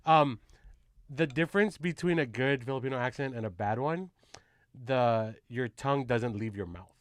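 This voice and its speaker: A man's voice: medium pitch, moderate pace, no echo, clean studio sound. A man hosting a casual podcast, joking around and swearing in loose banter. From United States. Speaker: podcast host.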